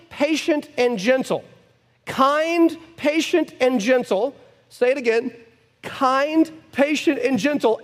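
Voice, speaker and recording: A man with a very high voice leads a Bible discussion, emphatic and given to repeating words for stress. His voice carries a long reverb from the room around him. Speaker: pastor leading a Bible discussion.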